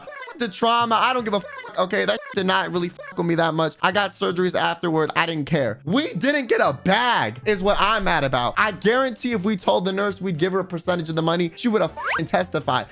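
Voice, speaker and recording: A man telling personal stories in a casual, animated, slangy way, swearing freely. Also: high voice. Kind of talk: casual storytime.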